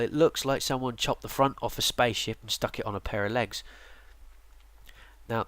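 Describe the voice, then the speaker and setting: A tired man talks through a game guide in a loose, rambling way, stopping often for ums and restarts. His voice sits at an ordinary middle pitch. The recording is dry and close, with no room sound. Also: fairly bright tone, clean tone, dry recording. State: yawning, tired. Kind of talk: casual game tutorial narration.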